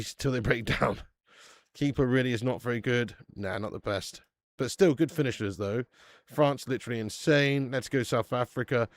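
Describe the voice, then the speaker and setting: A man's voice: medium pitch, no room sound. Man, casual football watch-along host, banter and swearing, dry close voice. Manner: chatty banter, swears freely, calls everyone mate.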